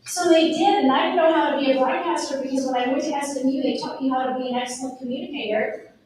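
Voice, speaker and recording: Speaking fast, a middle-aged woman with a Texan accent gives a lively, emphatic motivational speech straight to the audience at a real estate event. Her voice is high and echoes heavily in the event room, captured by a distant mic over faint background noise.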